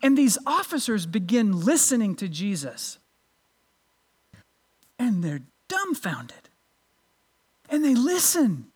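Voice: medium pitch, very animated, takes it slowly, long pauses, a little mellow, breathy edge. Pastor, sermon delivery, earnest, stumbles and restarts, rhetorical.

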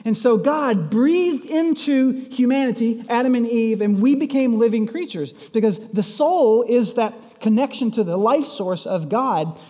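A man preaching with a high yet mellow voice. He keeps asking his listeners questions and retells the old stories as he goes. Everything rings out with the long reverb of a large hall. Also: animated, a little slow, hardly any pauses. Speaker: pastor. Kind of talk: sermon.

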